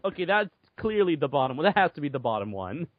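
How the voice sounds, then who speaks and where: A man's voice: fairly high pitch, big pitch swings, fast, no echo. A man from Mexico, a guest on a podcast, talking casually and arguing his point with exclamations. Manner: argumentative, exclaiming. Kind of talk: casual riffing commentary. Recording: dry muffled lo-fi recording.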